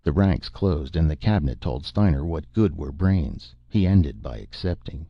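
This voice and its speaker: A man narrating an audiobook in a measured, even reading. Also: very deep voice, gravelly, no room sound. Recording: dull lo-fi dry recording.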